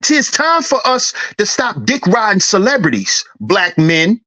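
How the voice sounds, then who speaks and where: A man's voice: sits high, huge pitch swings, a little slow, few pauses, bright, forceful tone. A man hosting a livestream, ranting in a heated, preachy and profane way, repeating his lines for emphasis. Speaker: livestream host. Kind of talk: livestream commentary rant.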